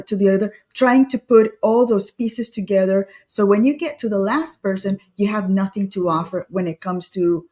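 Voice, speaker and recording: A woman's voice: mid-range voice, mellow. Earnest woman co-host giving advice. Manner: earnest, urging, gives direct advice. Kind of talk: casual advice chat on etiquette.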